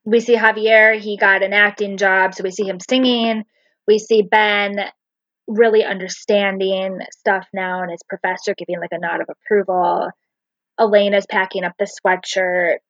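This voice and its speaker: A woman's voice: mid-range voice, level tone, moderate pace, a bit bright, dry recording, dull audio. A woman co-hosting a podcast, chatting casually and agreeing briefly. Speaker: podcast co-host. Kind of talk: casual chat.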